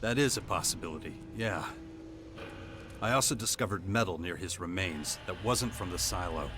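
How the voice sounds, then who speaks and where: A man voicing a deep, terse game hero. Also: moderate pace, close to an everyday voice. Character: terse male hero investigating an explosion. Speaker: game protagonist. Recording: game audio with music behind. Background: music.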